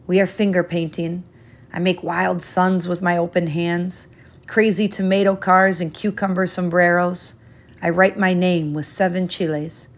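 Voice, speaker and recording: A woman reading a children's picture book aloud in a gentle, expressive, unhurried way. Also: lowish voice. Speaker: storyteller.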